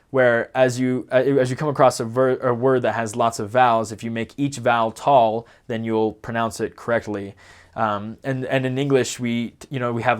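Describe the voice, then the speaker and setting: A man's voice: mid-range voice, clear, resonant tone. A young man, a returned missionary giving a casual spoken lesson, rambling a little with fillers and self-corrections. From United States. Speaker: returned missionary teaching pronunciation.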